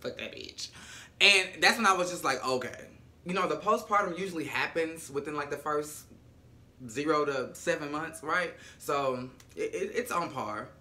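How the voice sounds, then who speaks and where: Sassy animated vlogger with a bright voice. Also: mid-range voice, normal speed. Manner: sassy, animated, profane storytelling. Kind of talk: casual TV episode recap.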